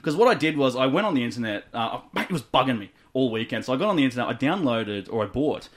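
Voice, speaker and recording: A man's voice: medium pitch, expressive, fast. A man with an Australian accent hosting a radio show, playful and hammy, laughing often. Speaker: radio host. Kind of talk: comedic radio banter.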